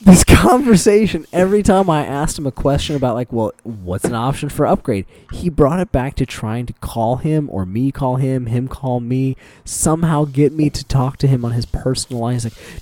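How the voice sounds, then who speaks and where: A man's voice: mid-range voice, fairly quick. A man co-hosting a podcast, telling work stories in a loose, swearing chat and acting out what people said. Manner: animated storytelling, swearing, quoting people. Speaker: podcast co-host. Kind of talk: casual chat.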